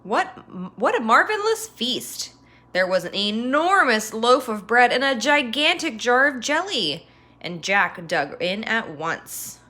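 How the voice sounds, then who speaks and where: Woman storyteller reading a kids' tale, bright voice, slow and sing-song. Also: on the high side. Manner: expressive, sound effects. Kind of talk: children's story read-aloud.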